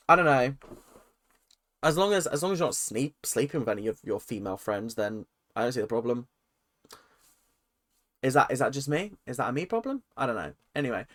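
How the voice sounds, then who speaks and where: A man, chatting through a casual, opinionated rant vlog full of lively asides. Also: mid-range voice. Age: 20s. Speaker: vlogger.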